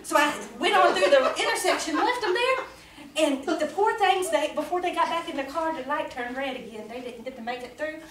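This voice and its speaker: A woman's voice: high voice, expressive, fairly quick. A woman playing a giggly, naive church gossip. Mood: cheerful. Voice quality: folksy drawl with frequent laughing. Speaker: performer at a church ladies' meeting. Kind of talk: comic monologue in character. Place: church meeting room. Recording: echoey room from far off, noisy.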